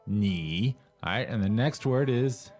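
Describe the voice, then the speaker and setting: A man with a mid-pitched voice co-hosts a language lesson. He talks casually, asks guiding questions, and has soft music behind him. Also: expressive, a little slow. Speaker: lesson co-host.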